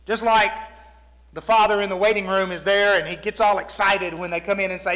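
Preaching briskly from a church sanctuary, a man acts out the voices of people in the stories he tells as pastor. His high voice keeps a level, slightly bright tone, with long reverb ringing through the church.

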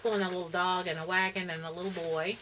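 A woman's voice: lowish voice, flat delivery, fast talker, background noise. A middle-aged woman, chatting casually and rambling through a shopping haul at home. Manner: chatty, rambling, many fillers. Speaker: vlogger.

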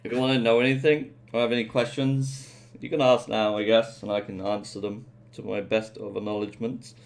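A man's voice: fairly low pitch, fairly quick, vocal fry. A young English man chatting casually with viewers while streaming a game. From England. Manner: relaxed, swearing, chatty with viewers. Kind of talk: casual live-stream chat.

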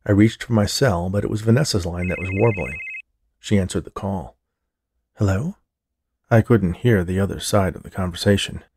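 A man narrating a first-person story in a dry, deadpan way, with a husky, gravelly voice. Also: sits low, a little fast, background noise.

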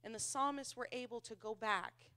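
Woman Bible teacher with a high voice, chatty and self-mocking, acts out the people she quotes. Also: normal speed, pushed and bright. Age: adult, married. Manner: conversational, laughs at herself, acts out quoted voices.

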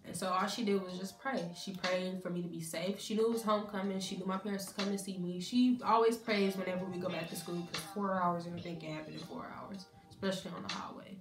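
A woman's voice: fairly low pitch, fairly even intonation, fast, few pauses, echoey room, over music. A young woman telling her college story in a candid, conversational way, acting out her family's lines as she goes. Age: young adult. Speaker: college student vlogger. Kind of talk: casual storytime.

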